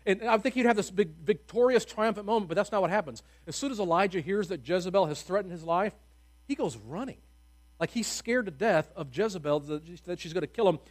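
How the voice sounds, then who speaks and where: A man preaching a sermon in a casual, humorous storytelling way, with sudden loud bursts of emphasis and hushed, quiet drops. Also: high voice, fairly quick.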